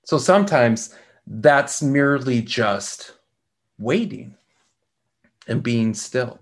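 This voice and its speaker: Slow, measured middle-aged man. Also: mid-range voice, expressive. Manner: slow, measured, pausing often with repeated words. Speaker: podcast host. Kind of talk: reflective spoken talk.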